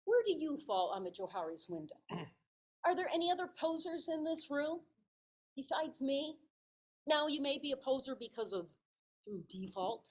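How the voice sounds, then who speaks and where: Woman in her fifties; animated speech-giver with a slightly high voice, dramatizes her story. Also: low-quality recording. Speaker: club speaker.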